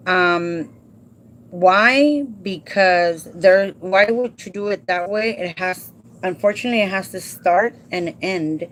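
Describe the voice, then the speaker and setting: A woman in her forties, a livestream host chatting casually with viewers by name and explaining timesheets, now and then dropping into Spanish. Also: fairly low pitch. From Southern California. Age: 40s. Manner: folksy instructional explaining.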